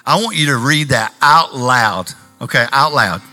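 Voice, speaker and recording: Male pastor, sermon delivery, bright high-ish voice, faint music bed. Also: a little slow. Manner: animated preacher, shifting volume and pace.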